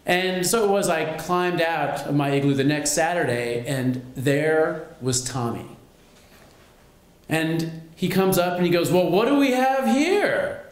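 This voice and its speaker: A man telling a personal story on stage at a live storytelling show, wry and lively. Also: fairly high pitch, a little slow, reverberant. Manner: wry, lively, self-mocking.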